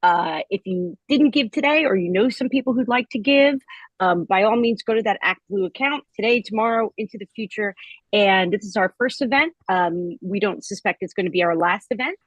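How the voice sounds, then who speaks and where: A woman event organizer giving casual, relaxed thank-you remarks, with frequent fillers. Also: medium pitch, slightly rough, no echo, dull audio.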